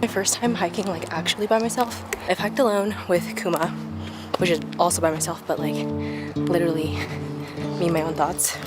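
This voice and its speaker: A woman's voice: on the low side, steady tone, fairly quick. A young woman chatting casually to the camera while hiking outdoors, rambling with lots of fillers. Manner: chatty, rambling with many likes. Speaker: vlogger. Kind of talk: casual vlog talk to camera. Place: outdoors on a mountain hiking trail. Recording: vlog footage with background music. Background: music, outdoor ambience.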